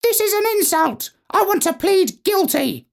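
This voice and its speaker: A man's voice: expressive, unhurried, vocal fry, heavily acted. A man voicing an indignant male parrot officer who screeches his lines. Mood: outraged. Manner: shrill, screeching outbursts.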